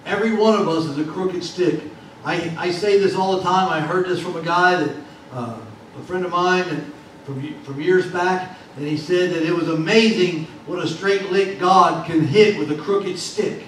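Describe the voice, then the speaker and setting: A man's voice: high-pitched, normal speed. A man preaching a sermon as pastor, in a folksy, repetitive preaching cadence. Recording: very echoey hall, distant mic, faint noise.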